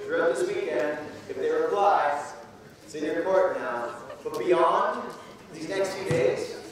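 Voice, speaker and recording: A man from Canada giving a motivational keynote speech to students, conversational and acting out quoted voices. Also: on the high side. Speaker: keynote speaker. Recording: echoey hall from far off.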